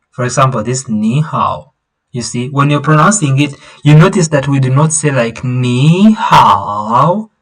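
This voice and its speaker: A man teaching an online Mandarin lesson over a video call, patiently explaining and repeating tones in a drawn-out way. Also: medium pitch, fairly bright tone. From East Africa.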